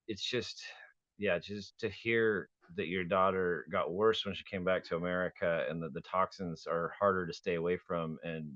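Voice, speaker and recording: Low-pitched man, encouraging chat over muffled, dry audio. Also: no room sound. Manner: warm, encouraging, rambling. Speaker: parent in an online audio room. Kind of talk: casual chat.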